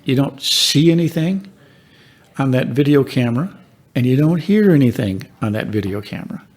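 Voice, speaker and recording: Older man telling ghost stories. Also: mid-range voice. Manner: calm, measured storytelling with dramatic pauses. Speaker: paranormal investigator and reverend. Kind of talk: storytelling.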